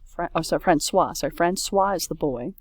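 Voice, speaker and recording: A woman's voice: fairly low pitch, brisk, slightly rough, no echo, clean studio sound. A woman French teacher talking casually through a worksheet, correcting herself and saying oops as she goes. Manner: chatty, self-correcting, says oops often.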